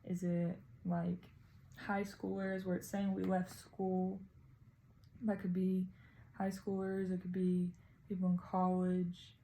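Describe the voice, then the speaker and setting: A woman's voice: lowish voice, monotone, slow pace, dark tone, slight background noise, low-quality recording. A woman casually talking through her reading of a poem, tentative and thinking aloud as a student presenting. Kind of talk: casual spoken poem analysis.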